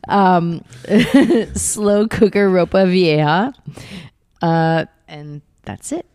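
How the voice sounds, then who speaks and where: A woman's voice: on the low side, very slow, a little mellow, smooth, no room sound, clean studio sound. A woman co-hosting a podcast, chatting playfully and laughing easily. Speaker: podcast co-host. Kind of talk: casual chat.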